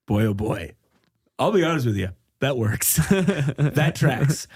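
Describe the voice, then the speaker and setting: A man's voice: a little high, a bit bright, husky, no room sound, studio quality. A man from the Midwest hosting a comedy podcast in casual chat, joking and riffing playfully. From American Midwest. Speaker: podcast host.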